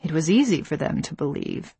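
A woman voicing a steely young woman who talks quietly and close to breaking. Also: low-pitched, wildly swooping pitch, a little fast, gravelly, breathy edge, dry recording, exaggerated voice. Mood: weary. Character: steely young woman confessing her past.

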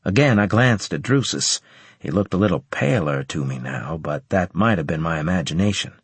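A man narrating a first-person audiobook in a low, even, matter-of-fact way on a close studio mic. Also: normal speed, husky, dry recording.

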